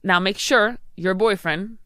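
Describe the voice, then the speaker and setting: A woman's voice: medium pitch, a little slow, pushed and bright, smooth, no room sound. Rambling young woman podcast host. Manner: rambling, heavy use of "like" and "you know". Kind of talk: casual advice chat.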